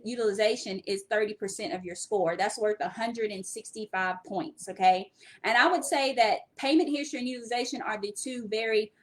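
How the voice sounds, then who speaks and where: Animated woman hosting a money livestream. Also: on the high side. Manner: energetic, repeats words for emphasis; talks straight to viewers, greets them by name. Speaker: host, credit educator. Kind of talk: live-stream Q&A.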